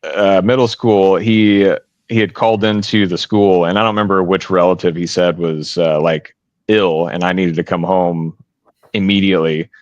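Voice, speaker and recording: A man telling a story in casual podcast chat, rambling and filling his pauses with "uh" and "um". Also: deep voice, steady tone, no room sound, dull audio. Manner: rambling, many "uh" and "um" fillers.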